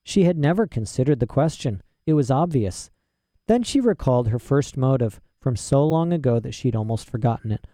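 A man narrating a storybook in a steady, expressive reading. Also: medium pitch, normal speed, dry recording, clean studio sound. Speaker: audiobook narrator.

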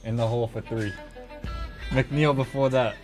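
A man's voice: mid-range voice, fairly even intonation, moderate pace, a little mellow, faint music behind, natural voice. A man reading as a needling cop. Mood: probing. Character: tough male police detective, probing. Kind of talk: amateur script read.

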